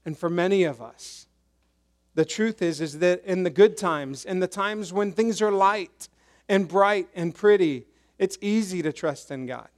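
A man preaching a sermon, swinging between loud emphasis and hushed, quiet lows. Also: unhurried. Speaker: pastor.

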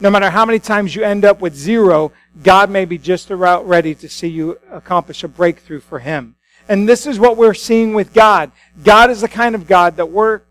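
A man's voice: high voice, no echo, rough recording. A man, a pastor, preaching a sermon in a conversational storytelling way with frequent restarts.

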